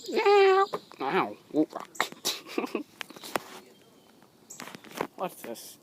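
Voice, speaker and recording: A sleepy woman who has just woken up films her cats at home on a handheld phone, cooing at them playfully and giggling often. Her voice is fairly high and wildly swooping, and she talks very slowly. The casual home video has clear background noise.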